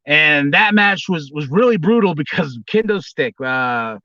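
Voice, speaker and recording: Man in his thirties, livestream host, rambling storyteller, slightly high and bright, dull dry lo-fi sound. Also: lively intonation, a little slow, no echo. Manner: rambling, restarts, bursts into high squealing impressions. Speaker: livestream host, former wrestler.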